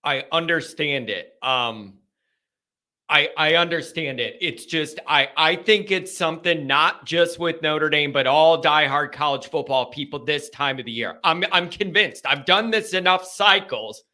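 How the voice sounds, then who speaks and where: A man hosting a live call-in show, chatting casually and thinking out loud with many restarts. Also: on the high side, a little slow. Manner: folksy, talks straight to the chat. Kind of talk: casual live-stream chat.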